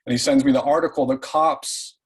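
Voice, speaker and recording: A man with a slightly husky, mid-range voice tells a story to a group on a call. He is loose and animated, swears freely and often restarts his sentences. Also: mid-range voice, a little fast, poor audio. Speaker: participant. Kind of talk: casual spoken storytelling.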